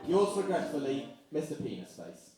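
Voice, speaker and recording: A man voicing a formal letter from a pompous boss, read deadpan in a live stage sketch. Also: on the high side, normal speed. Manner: mock-formal, deadpan reading. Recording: echoey theatre from far off, music behind.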